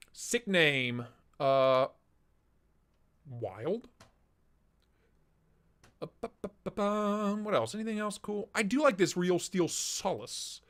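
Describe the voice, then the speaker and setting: A young man chats casually on a live stream, his voice run through a voice changer that sits a touch high. He drifts between product talk and replies to chat, loose and easygoing. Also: a bit bright. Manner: casual, chatty, reads out chat and laughs.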